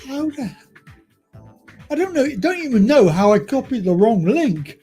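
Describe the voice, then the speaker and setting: Slow, husky man chatting on stream. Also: very high voice, very animated, warm tone, soft background music. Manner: chatty, self-mocking, easily exasperated. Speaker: live stream host. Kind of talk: casual live-stream chat. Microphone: video call stream mic.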